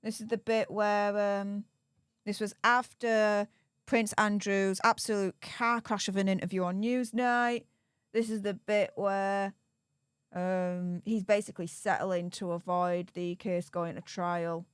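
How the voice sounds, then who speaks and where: On a clean studio recording without echo, a UK woman reads from a book on her live stream, her mid-range voice smooth, unhurried and fairly even in intonation. Hours of streaming have left her tired, but she keeps up casual, chatty commentary laced with sarcasm.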